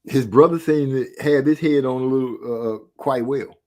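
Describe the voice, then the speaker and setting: A man telling a story in casual podcast chat, slangy and animated, often laughing between lines. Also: mid-range voice, moderate pace.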